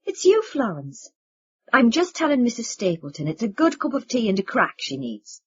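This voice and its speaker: A woman's voice: on the high side, wildly swooping pitch, normal speed, breathy edge, full character voice. A woman voicing an older Irish father with a lilting, confiding way of talking, in a dull lo-fi recording. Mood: hushed. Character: older Irish father, warm, rambling, self-mocking man.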